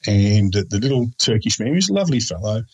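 A man's voice: on the low side, sing-song, quick pace, husky, rough recording. An older Australian man co-hosting a casual chat, playfully quizzing the others on slang. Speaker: podcast co-host.

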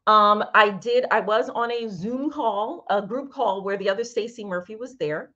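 A woman's voice: mid-range voice, normal speed, lo-fi sound. A woman from Brooklyn, a sex coach, telling stories animatedly as an interview guest. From New York (Brooklyn). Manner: animated storyteller, voices other people in her anecdotes. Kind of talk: casual interview chat.

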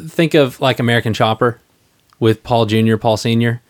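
Stammering, animated man on a podcast. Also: mid-range voice, moderate pace. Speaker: podcast co-host. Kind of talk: casual group chat about a tabletop game.

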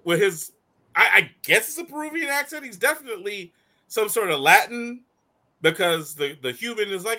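A man hosting a casual movie review chat, animated and slangy, laughing often and acting out quotes. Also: sits high, normal speed. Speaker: show host.

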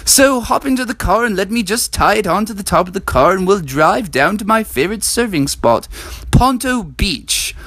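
A man's voice: high-pitched, expressive, normal speed, fairly bright tone, dry recording, full character voice. A man voicing a cheerful, bumbling frog dad in a bedtime story, boasting in a laid-back surfer manner. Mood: boastful.

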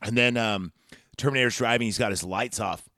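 A man's voice: medium pitch, brisk, sharp tone, no room sound, clean studio sound. Man rambling through a movie recap. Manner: rambling, filler-heavy scene-by-scene recap. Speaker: podcast host. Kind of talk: casual chat retelling a movie.

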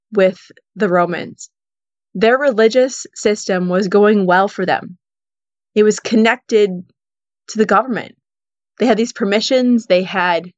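A woman's medium-pitched voice carries this informal Bible lesson, in which she retells the story conversationally, often using "you know" and "like." Her recording is dull and dry.

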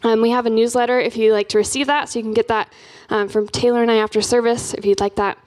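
Brief: young woman, campus missionary, chatty church talk, pitched a bit high, lots of ums. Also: steady tone, fast talker, darkish tone. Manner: chatty, frequent "um" and "like" fillers.

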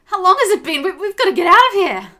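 A woman voicing a weak, shaking male doctor who talks in a breathy, stammering rush. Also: high-pitched, moderate pace, pushed and bright, pitched above the performer's own voice. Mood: panicked. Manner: stammering and frantic.

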